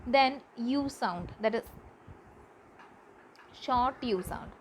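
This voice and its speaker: A woman teaches pronunciation, speaking slowly and repeating each example word with care. Her voice sits fairly high. A faint hiss runs under the recording. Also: low-quality recording. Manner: slow, careful, repeats example words. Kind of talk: classroom lesson on pronunciation.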